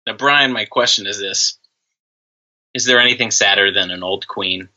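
A man's voice: lowish voice, moderate pace, bright, forceful tone, highs cut off. A man co-hosting a comedic podcast, ranting emphatically and swearing freely. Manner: profane, emphatic rants. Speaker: podcast co-host. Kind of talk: casual comedic podcast banter.

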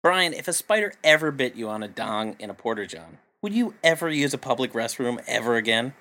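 A man's voice: medium pitch, lively intonation, a little fast, pushed and bright. A man co-hosting a comedy podcast, telling odd news stories in a dry, casual way. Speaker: podcast co-host.

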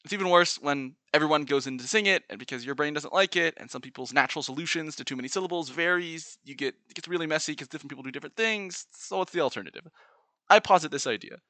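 A man's voice: on the high side, fast talker, bright, forceful tone, no echo. A man giving an earnest, playfully analytical explanatory monologue, breaking into short sung examples. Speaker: video essayist.

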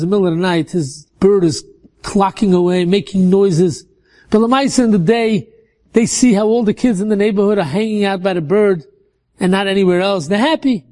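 A man telling a religious story in an animated way, often repeating words as he restarts. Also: sits high.

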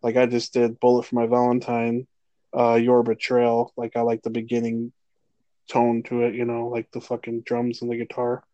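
A man in his thirties co-hosting a casual sports podcast, swearing freely and ranting with animated energy. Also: mid-range voice, normal speed, no echo, dull audio. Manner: profane, animated rants. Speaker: podcast co-host.

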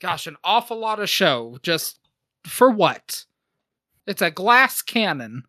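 Slow, bright-voiced hesitant man. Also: sits high, very animated, dry recording. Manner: hesitant, polite, many fillers. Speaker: player. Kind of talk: in-character role-play.

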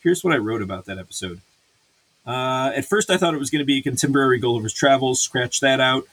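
A man's voice: mid-range voice, fast, fairly bright tone. A man hosting a casual review chat, swearing freely and ranting with many fillers and restarts. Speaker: podcast host reviewing a series.

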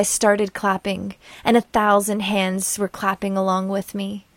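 A woman's voice: mid-range voice, flat delivery, measured pace, few pauses. A woman reading her own sailing memoir aloud in a dreamy, poetic manner. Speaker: narrator.

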